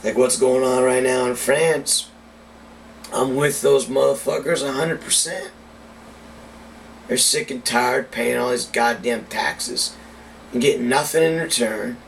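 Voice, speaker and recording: Gravelly and medium-pitched, this man speaks at a measured pace with long pauses while ranting angrily about politics, cursing a lot. He reviews cigars in a casual vlog, recorded on a distant mic with some faint background noise.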